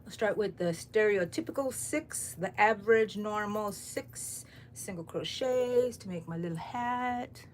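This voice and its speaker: With hardly any pauses, a middle-aged woman keeps up a slightly slow stream of chat for her crochet livestream viewers, greeting them by name. Her voice is mid-range, a little hiss or hum is audible, and she's at home on an overcast morning.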